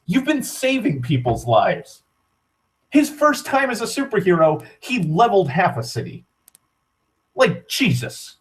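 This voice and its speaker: This young male vlogger has a high-pitched, very animated voice and talks a little slowly. He goes on a rambling, casual rant, swearing often, saying "like" constantly, and restarting his sentences.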